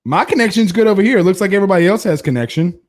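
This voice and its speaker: A man's voice: sits high, lively intonation, very fast. A man hosting a live-stream sports talk show, reading viewer comments and giving blunt opinions. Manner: blunt and opinionated, with frequent restarts and laughs.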